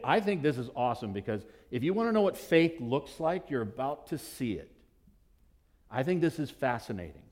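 A male pastor preaching a sermon to his church, animated and emphatic, with dramatic pauses. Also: medium pitch.

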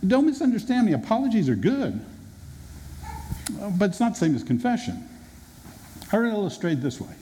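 A male pastor preaching a sermon in a conversational, animated way, acting out quotes, recorded in a reverberant hall. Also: sits high, moderate pace, long pauses. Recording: reverberant hall with faint noise.

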